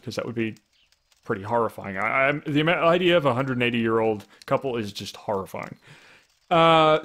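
A man's voice: mid-range voice, fairly bright tone. A man giving casual gameplay commentary, thinking aloud with wry asides and frequent restarts. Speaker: let's play commentator.

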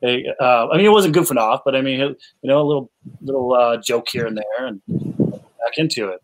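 A man at an ordinary middle pitch, telling lively film-set stories. He speaks in a casual, enthusiastic way, full of "uh"s and quick restarts. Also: low-quality recording. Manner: enthusiastic storyteller, many fillers and restarts. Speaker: actor guest. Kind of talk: casual chat, animated anecdotes.

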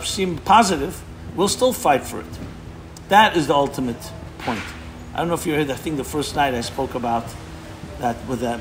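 A man's voice: fairly high pitch, background noise. A man speaking as a rabbi, giving an impassioned sermon to an audience, emphatic and often breaking off to restart his words.

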